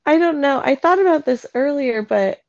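High, gravelly-edged woman podcast co-host. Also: expressive, moderate pace, darkish tone, no echo. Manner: wry, amused asides. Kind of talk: casual chat. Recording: slightly muffled audio.

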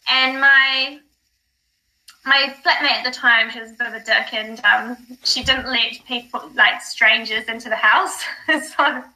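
A woman guest on a podcast, telling a personal story in casual chat, animated, with many fillers and the odd swear. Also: on the high side, poor audio. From not from the UK. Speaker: psychic guest.

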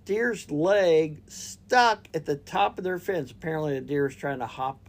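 A man's voice: on the high side, animated, measured pace. A middle-aged man telling a neighborhood story in casual chat, with lots of fillers and trailing phrases. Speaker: co-host.

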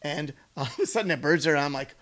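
A man's voice: on the high side, quick pace, very noisy. A middle-aged man telling a story in casual chat, swearing freely and acting out the quotes. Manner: profane, laughing, acts out quotes.

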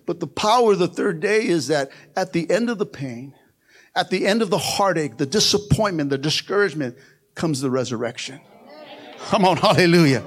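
A male pastor preaching a sermon in a church with call-and-response phrases. He swings between loud exclamations and quiet, low passages, and often laughs. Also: lively intonation, moderate pace, pauses often, breathy edge. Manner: call-and-response preaching, frequent "come on" and "amen"; laughs often, playful asides. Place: church sanctuary.

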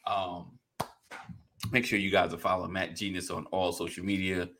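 A man's voice: low voice, level tone, normal speed, pushed and bright, a little hiss or hum. A man hosting a casual podcast, joking and laughing with his guests before reading out the sign-off plugs. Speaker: podcast host.

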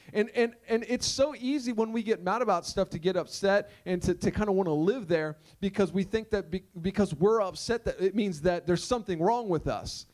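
A man's voice: sits high, darkish tone. A male pastor delivering a conversational sermon, emphatic and full of repeated rhetorical questions.

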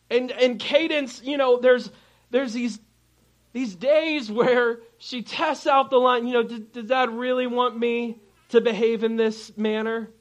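A man in his thirties, a pastor preaching a sermon to his congregation, calling out to them and moving between slow, soft emphasis and loud, lively storytelling. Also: very high-pitched, highs cut off. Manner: animated preaching, asking the congregation for responses.

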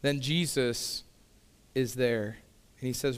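Male pastor, fairly high and smooth voice, chatty sermon delivery with asides. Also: slow pace, a bit bright. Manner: conversational preaching with casual asides.

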